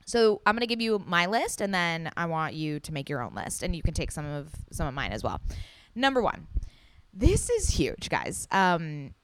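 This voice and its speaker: A young woman hosting a solo podcast, chatting excitedly and gushing, with casual swearing. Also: fairly low pitch, normal speed. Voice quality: loud. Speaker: podcast host.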